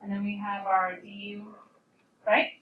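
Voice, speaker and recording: A woman teaching a calculus class, playful and lively, quizzing her students as she works through problems. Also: mid-range voice, measured pace, narrow, tinny audio. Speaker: math teacher. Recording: roomy classroom, distant mic, faint noise.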